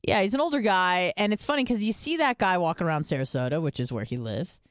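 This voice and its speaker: A woman rambling through a casual podcast story, her voice smooth and resonant. She fills her talk with loose asides, recorded close and dry. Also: lowish voice, lively intonation, fast talker, dry recording. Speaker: podcast co-host. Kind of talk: casual chat.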